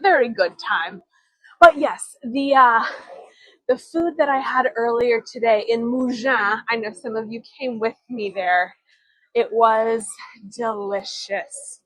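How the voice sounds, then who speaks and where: A high-voiced woman from Chicago guides a live-streamed walking tour outdoors. She chats and giggles and drifts into storytelling asides. Her voice comes through a phone mic with dry, close sound. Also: slow pace, fairly bright tone, no room sound, poor audio. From Chicago, USA. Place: outdoors on city streets.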